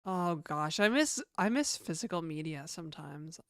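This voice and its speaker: A woman's voice: low-pitched, animated, moderate pace, a bit bright, no echo, studio quality. A woman streaming her game development, chatting loosely with viewers and rambling between reactions. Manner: rambling, chatty, swears casually, reacts to chat. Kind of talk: casual livestream chat.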